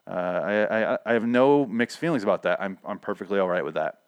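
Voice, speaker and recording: Rambling, excitable man recapping TV. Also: on the low side, brisk, clear, resonant tone, dry recording. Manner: rambling, excitable, stammering restarts, swears freely. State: voice going hoarse. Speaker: podcast host. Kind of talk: casual solo TV recap podcast.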